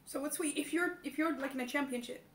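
A woman's voice: high voice, fast talker, slight background noise. A woman chatting and giggling while eating soup on a livestream, talking with her mouth full. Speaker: mukbang co-host. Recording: roomy echo.

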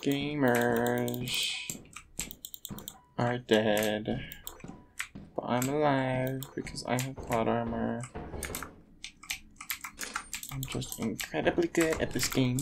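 A man giving casual gaming commentary, swearing a lot and swinging from low muttering to panicked yelling. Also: slow, creaky, long pauses, noisy background. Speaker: gamer streaming a co-op horror game.

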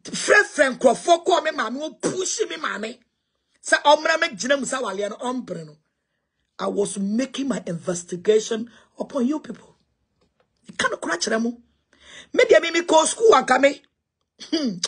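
High-voiced Ghanaian woman, impassioned. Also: expressive, moderate pace, fairly bright tone, husky. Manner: emotional, confrontational, mixes Twi and English. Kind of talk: impassioned spoken response.

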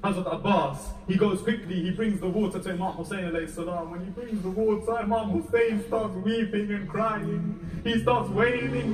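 A man giving a Muharram lecture, reciting a mournful story with deep emotion that swells to near-wailing. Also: slight background noise. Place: mosque or community hall. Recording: echoey hall, mic heard from a distance.

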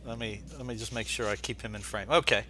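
A man hosts an interview over a video call from his home in Florida, talking casually but hesitantly, with lots of fillers and restarts. His voice is on the low side and fairly even in intonation, and he speaks fast, with a crowd audible in the background.

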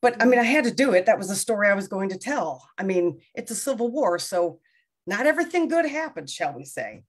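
A woman's voice: medium pitch, very animated, brisk, breathy edge. A middle-aged woman novelist in a casual interview, talking in a rambling, self-deprecating way with many restarts. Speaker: debut novelist being interviewed.

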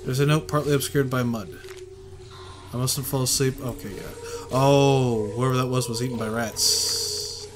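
A man's voice: medium pitch, steady tone, normal speed, over music. Casual man narrating a game playthrough. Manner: casual, muttering, bursts into exasperated ranting. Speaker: gaming video host. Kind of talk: let's play commentary, reading game text aloud.

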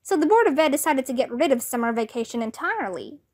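A woman's voice: high-pitched, big pitch swings, quick pace. A woman reading aloud voices a strict male ghost teacher who explains rules.

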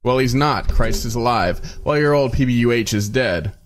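A man's voice: medium pitch, moderate pace, lightly acted. A man voicing a proud, indignant Christian priest who snaps and sputters in an audiobook reading. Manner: snapping, sputtering, raised voice.

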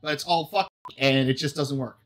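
A man's voice: on the high side, normal speed, a bit bright. A man hosting a casual group chat show, laughing and teasing the others as he talks. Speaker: podcast host.

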